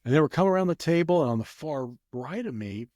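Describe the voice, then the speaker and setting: A man's voice: fairly high pitch, lively intonation, quick pace, darkish tone, dry recording. Rambling male storyteller, dry sound. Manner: rambling, many restarts, acts out voices. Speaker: guest, craps player. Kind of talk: casual anecdote in an interview.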